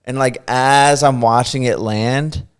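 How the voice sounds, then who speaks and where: Young podcast host at mid pitch, casual storyteller, acts out quotes, breaks into laughs. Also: male voice, steady tone, takes it slowly, smooth.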